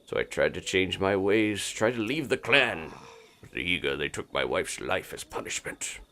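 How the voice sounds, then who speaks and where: A man's voice: deep voice, expressive, moderate pace, pushed and bright, a little hiss or hum. Man reading a remorseful ex-assassin villager. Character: remorseful middle-aged male villager, former assassin.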